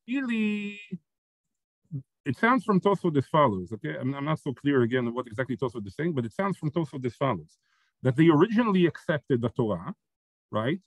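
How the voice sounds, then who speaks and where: A man's voice: fairly high pitch, no echo, rough recording. Man teaching a text-study lesson. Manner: explains step by step, checks in with "right?" and "okay?"; reads Hebrew source text quickly, then explains it in English. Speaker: Torah teacher.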